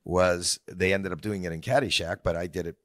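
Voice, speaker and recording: An older man telling animated stories on a casual podcast, acting out scenes in other voices. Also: sits low, brisk, dry recording, studio quality. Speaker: guest comedian.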